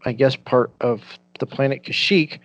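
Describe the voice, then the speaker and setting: A man's voice: medium pitch, normal speed, no echo, dull audio. A man hosting a casual podcast, rambling through recaps with frequent laughs. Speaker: podcast host.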